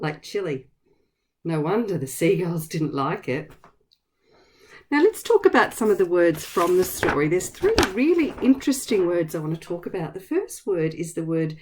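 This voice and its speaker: A woman teaching a vocabulary lesson to young children, speaking slowly and clearly in an encouraging way. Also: fairly low pitch, very animated, a little mellow.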